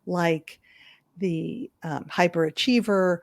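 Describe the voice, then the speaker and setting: A woman physician, a guest on an interview podcast, explaining things calmly and often checking in with "right?". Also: fairly low pitch, slow, creaky, dry recording. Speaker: palliative medicine physician, guest. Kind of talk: conversational interview.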